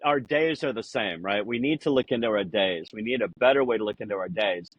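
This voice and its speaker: Rambling husky-voiced man telling stories. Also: on the low side, a little fast, lo-fi sound. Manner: rambling, lots of "you know", acts out quotes with a raised voice. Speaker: podcast guest. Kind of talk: casual conversational storytelling.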